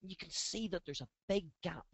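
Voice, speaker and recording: A man's voice: high voice, fairly quick, creaky, slightly rough, dry recording, poor audio. A man giving a webinar lecture as a training instructor, stressing key words and asking rhetorical questions.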